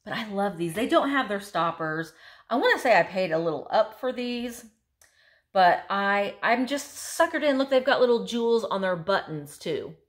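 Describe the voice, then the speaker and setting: A woman's voice: medium pitch, expressive, normal speed. A woman vlogging her thrift haul in a chatty, enthusiastic way, thinking aloud as she shows each item. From United States. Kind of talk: casual haul video chat.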